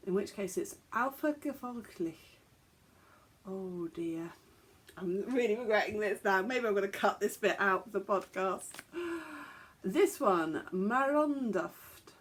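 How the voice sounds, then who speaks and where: A woman hosting a podcast, chatting casually and joking at her own expense as she stumbles over foreign words. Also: medium pitch. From England. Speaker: podcast host.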